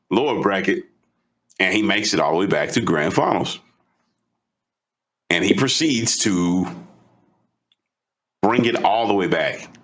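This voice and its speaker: Podcast co-host, male, lower register, animated casual storyteller. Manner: animated, retelling with excitement.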